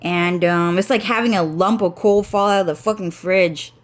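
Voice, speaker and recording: A woman's voice: lowish voice, fairly even intonation, normal speed. Congested woman in a profane, rambling rant. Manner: profane, rambling, many restarts and fillers. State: congested, runny nose. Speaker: vlogger. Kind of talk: rambling storytime monologue.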